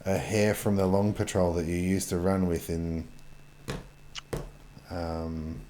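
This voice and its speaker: A man narrating a tabletop game as game master, halting with fillers and restarts. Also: deep voice, flat delivery, heavy background noise.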